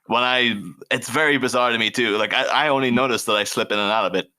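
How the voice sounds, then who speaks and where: A man's voice: medium pitch, fast talker, sharp tone. A man from Ireland with a mild Irish accent that sounds almost American, chatting as a podcast guest and laughing as he tells stories. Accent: mild Irish, near American on mic. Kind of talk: casual chat.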